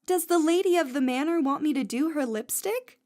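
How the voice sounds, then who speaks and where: A woman's voice: sits high, lively intonation, a little fast, darkish tone. A woman reading the part of a teasing, affectionate young woman friend in an audiobook.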